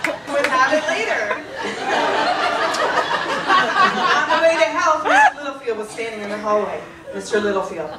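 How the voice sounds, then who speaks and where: High-voiced woman reading on stage. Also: normal speed, long pauses. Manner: animated, emphatic, breaking into laughter. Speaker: storyteller reading her teenage diary. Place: stage in front of a live audience. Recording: roomy live venue, distant mic, loud audience laughter. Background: loud crowd laughter and noise.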